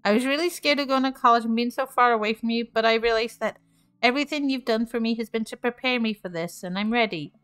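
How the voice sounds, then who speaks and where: Game role: heartfelt teen daughter with a bright, smooth voice, voiced by a woman. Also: a little high, fast talker, no room sound, lightly acted. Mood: tender. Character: cheerful teenage daughter leaving for college.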